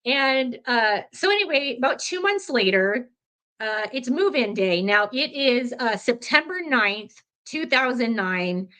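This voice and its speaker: Unhurried and sharp-toned, this woman in her fifties has a fairly high pitch and lively intonation. As a podcast storyteller, she shares a personal story in a relaxed, meandering way, full of fillers and self-corrections, laughing easily throughout.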